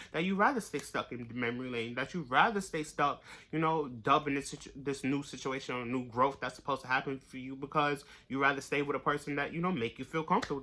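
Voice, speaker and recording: Tarot reader talking straight at you, bright sharp voice, cusses a lot, gets loud and high when hyped. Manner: blunt, profane, pep-talk delivery; gets louder and higher when fired up. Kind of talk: casual tarot reading monologue.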